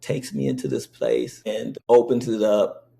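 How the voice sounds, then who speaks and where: A man's voice: lowish voice, sing-song, a little slow, gravelly, mellow. A man casually telling a personal story in a rambling way, often checking in with the listener. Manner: rambling, frequently checks in with "okay?".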